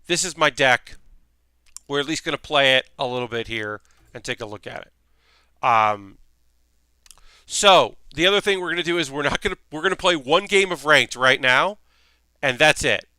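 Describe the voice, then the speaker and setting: A man's voice: fairly high pitch, lively intonation, normal speed, pauses often, pushed and bright, clean tone, no room sound. A man streaming a card game live, chatting casually and thinking aloud with frequent ums and restarts while greeting viewers.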